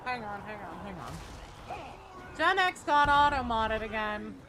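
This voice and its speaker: A woman streaming a game live and chatting with her viewers, talking in a loose, animated way, filling with "like" and blurting out swears. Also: fairly high pitch, measured pace. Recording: steady background noise.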